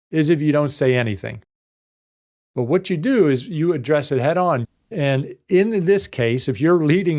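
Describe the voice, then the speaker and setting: A man's voice: on the high side, darkish tone. A man talking as a leadership coach, earnest and conversational, telling client stories and acting out what people said. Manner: earnest, conversational, acts out quoted dialogue. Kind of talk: coaching talk with anecdotes.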